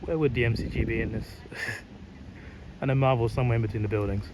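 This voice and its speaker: Young male vlogger, twenties, casual and chatty, slightly hoarse, handheld phone outdoors with clear traffic noise. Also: mid-range voice, fairly even intonation, fast. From England. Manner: chatty, laughs often, casual slang. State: losing his voice. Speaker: travel vlogger. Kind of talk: casual vlog chat.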